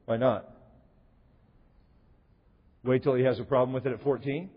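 A man's voice: mid-range voice, fairly even intonation, normal speed, breathy edge. A middle-aged male pastor preaching a sermon in a church, emphatic, asking rhetorical questions and quoting scripture. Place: church sanctuary. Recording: lo-fi echoey church recording.

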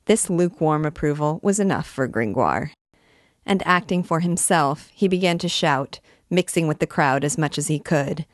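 A woman reading a classic novel aloud in a measured, expressive way. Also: low voice, dry recording, studio quality. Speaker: reader and teacher.

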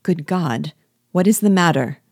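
A woman reading the lines of a concerned young gentleman from a classic novel, earnest and gentle, in a low, mellow voice. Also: fairly even intonation, moderate pace, no echo, studio quality.

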